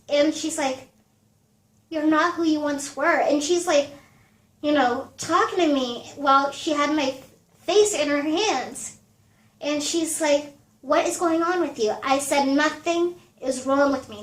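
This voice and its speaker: A young woman in her twenties vlogging a casual storytime, animated and full of fillers and swearing. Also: high-pitched, roomy sound.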